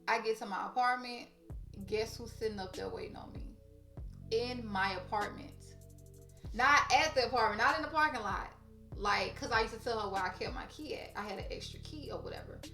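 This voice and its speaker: A woman's voice: on the high side, fairly quick, far from the mic. A woman vlogger telling a story in casual chat, blunt and profane, talking straight to her viewers. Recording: roomy echo, off-mic, faint music.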